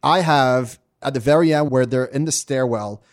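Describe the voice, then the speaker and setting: A man co-hosting a podcast, giving quick reactions in casual, laid-back banter. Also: mid-range voice. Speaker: podcast co-host. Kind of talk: casual chat.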